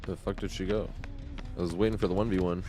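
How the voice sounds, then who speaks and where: A man's voice: low-pitched, steady tone, fast, music in the background. A man streaming live gameplay, rambling in casual commentary, swearing and laughing often. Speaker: game streamer.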